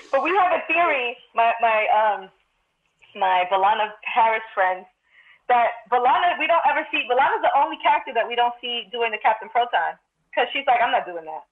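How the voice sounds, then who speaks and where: Co-host, woman, a bit high, dull lo-fi remote sound, easy chatty delivery. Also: expressive, normal speed. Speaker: podcast co-host. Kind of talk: casual fan chat. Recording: muffled lo-fi remote audio.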